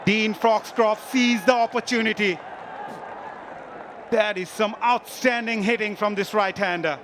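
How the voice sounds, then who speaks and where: A man calling a cricket match live, excitable and shouting on big hits. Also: high voice, measured pace. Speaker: cricket commentator. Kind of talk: live sports commentary. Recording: loud stadium crowd and ambient noise behind. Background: cheering stadium crowd.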